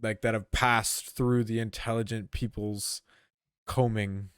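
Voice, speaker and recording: A man's voice: lowish voice, level tone, measured pace, smooth, no echo, clean studio sound. A young man co-hosting a podcast in casual chat, rambling and trailing off as he thinks aloud. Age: young adult. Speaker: podcast co-host.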